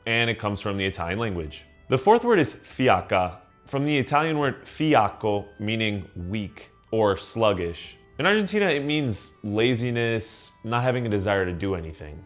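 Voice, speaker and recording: A man gives a scripted lesson on where words come from. His voice sits low, and he explains things clearly and at a steady pace. Soft music plays quietly behind him. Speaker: channel host explaining word origins. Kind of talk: scripted educational narration.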